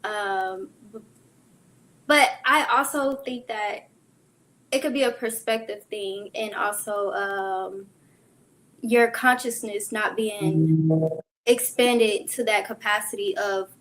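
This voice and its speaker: A woman on a casual talk show, speaking in a measured, thoughtful way with hesitant fillers. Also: mid-range voice, a bit bright.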